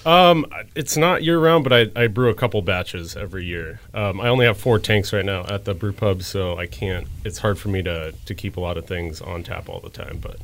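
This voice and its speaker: A man visiting a radio studio as a brewer, explaining his beer haltingly with many fillers. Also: low voice, fairly bright tone. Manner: halting, many ums and uhs. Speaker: brewer, guest. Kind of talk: casual explanation.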